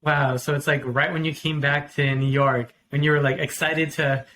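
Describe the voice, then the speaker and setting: A man co-hosts a casual podcast interview and asks direct, probing questions. His voice is bright and a little high. A faint noise runs behind him. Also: level tone, moderate pace. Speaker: podcast co-host.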